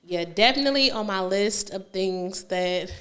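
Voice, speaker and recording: A woman's voice: medium pitch, moderate pace, a bit bright. A woman co-hosting a casual podcast, talking with a retainer in and laughing often. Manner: talks a bit funny around a dental retainer. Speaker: podcast co-host.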